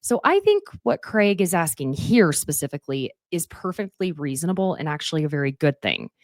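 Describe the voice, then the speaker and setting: A woman's voice: low voice, big pitch swings, a little fast, dry recording, clean studio sound. A young woman hosting a podcast, recapping a reality show in a chatty, opinionated way and quoting cast members. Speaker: podcast host. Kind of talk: casual recap commentary.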